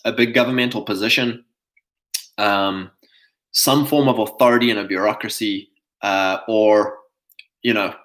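A man's voice: medium pitch, fairly bright tone. Emphatic man on a live-stream rant. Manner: emphatic, repeats "right?" often; mocks others in put-on quoted voices. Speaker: online commentator.

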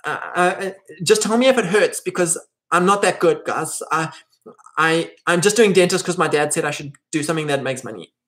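A man's voice: on the high side, normal speed, a bit bright, voice pushed up, close to an everyday voice. A man voicing a nervous, unsure young male dentist who stammers and hesitates.

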